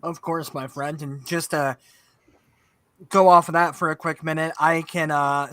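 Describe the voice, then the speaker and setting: Game-master host, male, bright and dry-sounding, chatty with fillers. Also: fairly high pitch, dry recording. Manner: warm, joking, explains setting with many fillers. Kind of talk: casual livestream chat.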